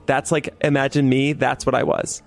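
A young man telling a story in casual talk, animated, with lots of swearing and "like". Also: mid-range voice, moderate pace, creaky. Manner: animated, swears a lot, heavy use of "like".

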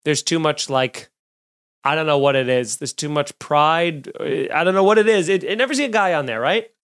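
A man in his thirties hosting a podcast alone, doing a sarcastic comedic monologue with loud bursts and muttered asides. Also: fairly high pitch, normal speed, smooth. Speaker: podcast host. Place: home studio, recording alone.

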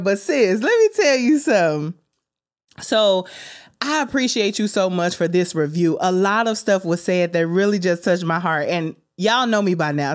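On her faith-based podcast about self-care, the young woman host sounds like a supportive big sister. Every so often her voice jumps into high, excited bursts.

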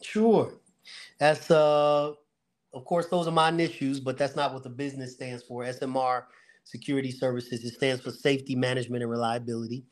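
Man, middle-aged, podcast guest, earnest storyteller, mid-pitched voice, casual talk. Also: level tone, fairly quick. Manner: earnest storyteller, faith-driven, with fillers and vivid retelling. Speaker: guest, security company owner.

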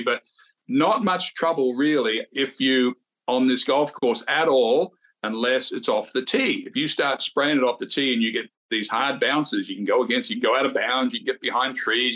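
A man chatting casually as a golf podcast co-host. He rambles, restarts his sentences, and keeps turning to his partner by name. His pitch sits in the middle range for a man. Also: a little fast, fairly bright tone. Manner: rambling, repeats himself, addresses co-host by name. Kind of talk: casual sports betting chat.

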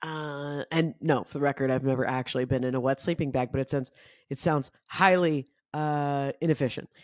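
A woman hosting a casual spiritual self-help podcast, talking frankly with lots of "like" fillers and expressive jumps in pitch. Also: moderate pace, dry recording, studio quality. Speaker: podcast host.

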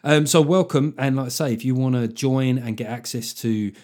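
A man talking alone into the mic as the host of his comedy podcast. He rambles in a loose, sardonic way, breaking into puns and quick mock voices. His voice sits at an ordinary male pitch. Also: darkish tone. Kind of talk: solo comedic podcast monologue.

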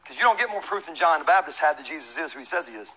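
This male pastor's voice sits on the high side and sounds husky, and he races through his sermon on a rough recording. Addressing the congregation, he spins a funny tale, performing each character's voice with lively laughter and shouts.

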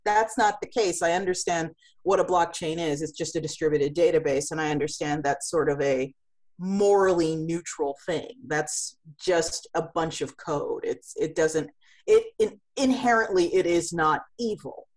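A woman's voice: sits low, normal speed. A woman who runs a comics publishing company, answering in an interview with vivid analogies and frequent restarts.

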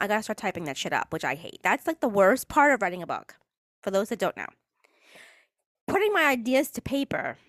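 A woman's voice: medium pitch, fairly bright tone, no echo, studio quality. A woman hosting a solo podcast, ranting in a sarcastic, exasperated way and swearing freely. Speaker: podcast host.

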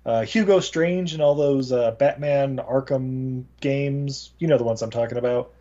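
A man's voice: mid-range voice, dark tone. A man hosting a casual movie podcast, joking as he reads through film credits. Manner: joking, rattles off credits quickly. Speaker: podcast host. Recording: dull lo-fi sound.

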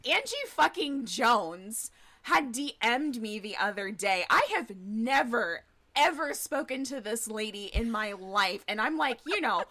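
A woman on a video call talks in a casual, animated way, laughing often and swearing without a second thought. Her voice is high and bright, and her pitch rises and falls all the time. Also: unhurried. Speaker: podcast co-host guest. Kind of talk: casual chat.

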